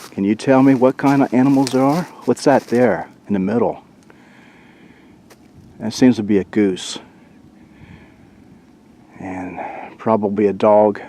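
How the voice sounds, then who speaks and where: A man's voice: on the low side, unhurried, pauses often, slight background noise. Chatty man vlogging outdoors. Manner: relaxed, chatty, talks to the camera. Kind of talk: casual solo vlog. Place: outdoors in winter woods by a creek. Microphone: handheld camcorder mic.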